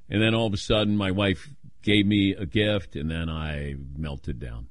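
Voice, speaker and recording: A man's voice: fairly low pitch, normal speed, no echo, clean studio sound. An older man hosting a talk radio show, chatting casually and telling stories with playful quoted voices. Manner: animated storytelling, playful voices when quoting.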